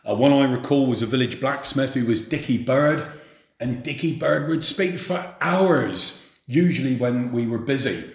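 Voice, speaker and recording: A middle-aged man from England telling memories of his youth in an unhurried, plain-spoken way. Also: medium pitch. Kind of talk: spoken memoir. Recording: roomy echo.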